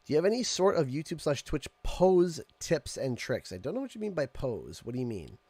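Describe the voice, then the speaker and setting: A man's voice: on the high side, sing-song, brisk, darkish tone, dry recording. A Canadian man hosting a casual live stream from his home room, joking and playfully complaining at his desk mic. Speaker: streamer host.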